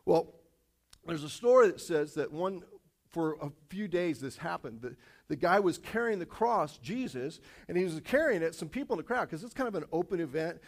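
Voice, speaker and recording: A male pastor giving a sermon in a casual, joking, animated way, telling stories to the congregation. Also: fairly high pitch. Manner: casual, animated storytelling with jokes.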